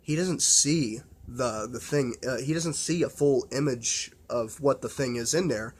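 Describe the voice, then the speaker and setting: A man's voice: medium pitch, measured pace, breathy edge. Rambling, swearing man talking horror films. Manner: rambling, full of fillers and restarts; blunt and profane. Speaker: horror film vlogger. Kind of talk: casual unscripted film talk.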